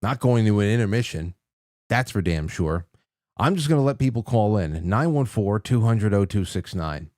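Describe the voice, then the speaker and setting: A man's voice: on the low side, animated, moderate pace, a little mellow, dry recording, studio quality. A man hosting a casual call-in talk show, rambling with frequent restarts and chuckles. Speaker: radio call-in host.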